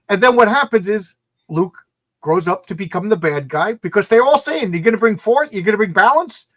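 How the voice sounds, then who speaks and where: A man in casual podcast chat, animated, acting out quoted lines in different voices. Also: sits high, no echo. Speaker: podcast co-host.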